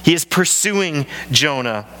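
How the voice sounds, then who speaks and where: A man preaching a sermon as pastor of his church, telling the story in an animated way and acting out the voices. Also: on the high side, unhurried, clean tone. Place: large church hall. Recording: long hall reverb.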